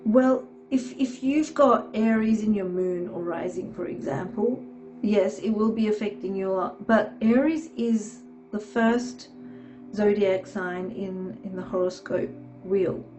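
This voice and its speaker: Stuffy-nosed woman giving a slow tarot reading. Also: mid-range voice, a little mellow, faint music behind, rough recording. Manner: meandering, reassuring, frequent "okay". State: nasal from a cold. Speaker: tarot reader. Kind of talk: casual tarot reading to camera.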